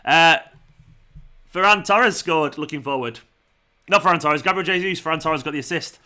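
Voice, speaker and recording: A young man hosts a live football watchalong. His voice sits a touch high and sounds bright and forward. He talks in a loose, chatty way, laughing often as he reads out viewer comments. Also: normal speed. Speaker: fan channel host.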